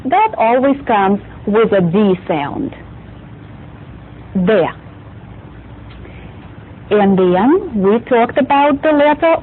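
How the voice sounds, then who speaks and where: A woman's voice: a little high, phone-quality sound, slight background noise. A woman teaching a language lesson, patiently repeating and drilling words for the learner. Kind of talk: slow, clear vocabulary lesson.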